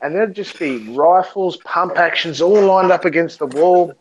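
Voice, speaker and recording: A man's voice: fairly high pitch, moderate pace, muffled recording, a little hiss or hum. A man with an Australian accent chatting casually, blunt and heavy on swearing. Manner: profane and blunt. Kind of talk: casual chat.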